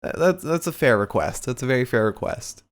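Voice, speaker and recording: A man's voice: medium pitch, lively intonation, fairly quick, a little hiss or hum. A young man hosting a live podcast, joking loosely, laughing easily and talking to his chat. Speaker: podcast host. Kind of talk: casual livestream podcast hosting.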